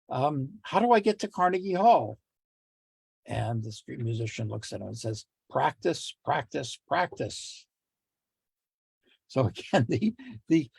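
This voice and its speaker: A middle-aged man teaching communication skills in a relaxed lecture, telling jokes with quoted voices and small laughs. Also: medium pitch, vocal fry, husky, no echo. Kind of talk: lecture with joke anecdotes.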